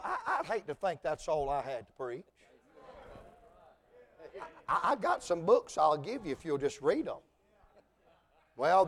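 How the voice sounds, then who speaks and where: High-voiced preacher, folksy and shouting. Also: male voice. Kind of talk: sermon.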